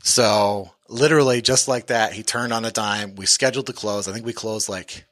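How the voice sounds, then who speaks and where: A man's voice: fairly low pitch, fairly even intonation, normal speed, a bit bright, no echo, studio quality. A man who invests in real estate tells a story from his own deals on a podcast, bluntly and full of profanity.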